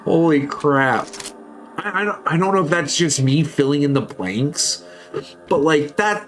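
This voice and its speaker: A man talks over his gameplay in a slightly high voice, taking his time with every sentence. He wanders off into a long story and keeps laughing as he tells it. It's loose, casual streamer chatter. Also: expressive, unhurried, fairly bright tone. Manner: rambling, laughs often while telling a story. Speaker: streamer playing a shooter game.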